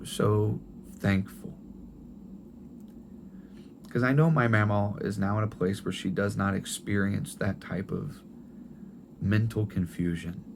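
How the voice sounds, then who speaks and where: Middle-aged male pastor, tender and gentle, restarts phrases, low voice. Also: vocal fry, background noise. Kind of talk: sermon.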